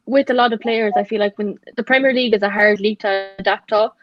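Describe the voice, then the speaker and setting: A woman's voice: mid-range voice, fairly even intonation, no room sound, soft background music. Woman on a dull, lo-fi call. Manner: earnest, measured opinions with fillers. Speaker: guest. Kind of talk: casual football chat.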